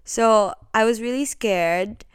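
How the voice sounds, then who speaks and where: A woman's voice: fairly high pitch, takes it slowly, clean tone. A young woman from the Philippines with a light Filipino accent, a podcast guest who tells personal stories in a chatty, candid way and laughs often. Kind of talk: casual storytelling chat.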